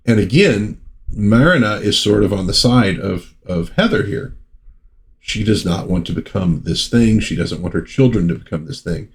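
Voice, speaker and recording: A man's voice: on the low side, darkish tone. An American man reviewing vintage comics in a chatty, rambling way, full of asides and restarts. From United States. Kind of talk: casual commentary.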